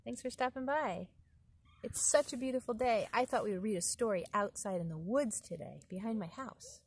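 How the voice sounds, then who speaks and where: A woman's voice: on the high side, moderate pace. Woman reading a storybook outdoors. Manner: gentle, clear and expressive. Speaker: preschool teacher reading aloud. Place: outdoors in the woods.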